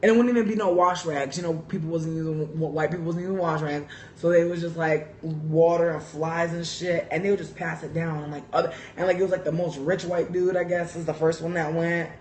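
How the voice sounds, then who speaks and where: A young livestream host with a deep voice talks fairly quickly and hardly pauses, against a little hiss or hum. She tells profane, animated stories full of "like" and laughter while going through viewer comments on her casual stream.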